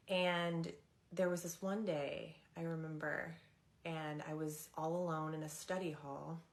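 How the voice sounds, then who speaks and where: A young woman casually telling stories to her live chat in a rambling, halting way, with many fillers, stopping to greet viewers by name. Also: deep voice, flat delivery. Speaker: livestreamer and former teaching assistant.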